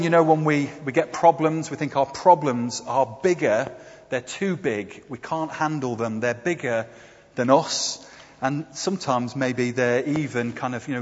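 Man preaching in an echoey hall. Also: mid-range voice. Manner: conversational, asks the congregation tag questions, hesitant fillers. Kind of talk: sermon with slides. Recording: dull, echoey hall recording.

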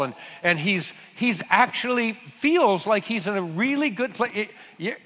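Male preacher, lively joking storyteller, bright voice, big hall echo. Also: a little high. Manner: humorous, storytelling, frequent restarts, sudden loud bursts. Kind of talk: sermon. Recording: long hall reverb.

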